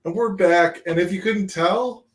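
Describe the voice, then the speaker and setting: A man's voice: high voice, a little slow. A man co-hosting a casual chat, rambling along with many fillers. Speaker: co-host. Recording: echoey room sound.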